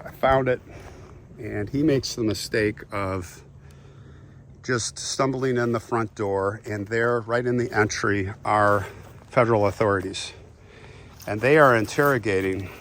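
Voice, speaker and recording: Man, casual history storytelling, animated, mid-range voice, faint background noise. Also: mid-range voice. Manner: animated, acts out quotes in passing. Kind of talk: casual dramatic retelling.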